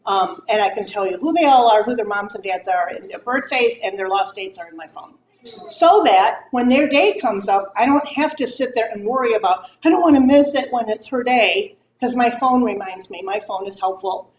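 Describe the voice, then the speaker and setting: A woman's voice: mid-range voice, moderate pace, slight background noise. Candid middle-aged woman speaking in an echoey room. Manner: candid, animated, acts out quoted remarks. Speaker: guest speaker on grief. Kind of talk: talk to a moms' group. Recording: echoey room with faint ambience.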